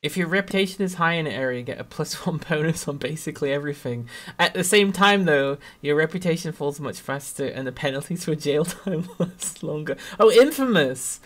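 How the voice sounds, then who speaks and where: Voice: mid-range voice, expressive, fairly quick, few pauses, a bit bright. Rambling streamer with a Northern English accent. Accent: Northern English, Sheffield area. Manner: rambling, chatty, laughs mid-sentence; trims own accent toward neutral. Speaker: game streamer reading chat. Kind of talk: casual live-stream chat.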